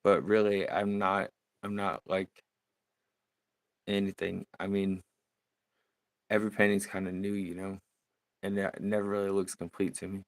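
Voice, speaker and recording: Deep gravelly man chatting while painting. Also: normal speed, pauses often, no echo. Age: 30s. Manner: relaxed, rambling, laughs easily. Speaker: livestreaming painter. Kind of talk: casual live-stream chat while painting.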